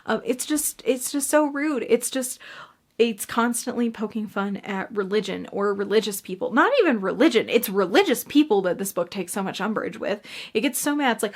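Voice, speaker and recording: A woman's voice: mid-range voice, animated, moderate pace. Cranky woman ranting about books. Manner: cranky, profane and emphatic; gestures a lot while talking. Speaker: book reviewer. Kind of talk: casual ranting book review.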